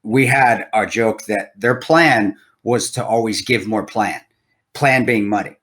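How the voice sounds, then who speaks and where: A man co-hosting a podcast, a veteran, telling a story from his service in a relaxed, reflective way. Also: on the low side, measured pace. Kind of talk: casual podcast chat.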